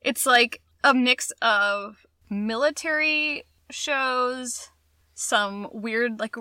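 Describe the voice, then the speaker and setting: A woman's voice: fairly high pitch, pushed and bright, clear, resonant tone, no room sound. A woman co-hosting a podcast, wry and laughing, drawing out her words. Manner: wry, laughing, drawn-out delivery. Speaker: podcast co-host. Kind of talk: sarcastic casual chat.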